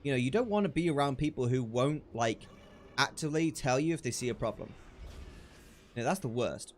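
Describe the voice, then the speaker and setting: A man chatting casually on a live stream while gaming, excitable and quick to laugh, often restarting his sentences. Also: mid-range voice, slight background noise. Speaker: livestreamer.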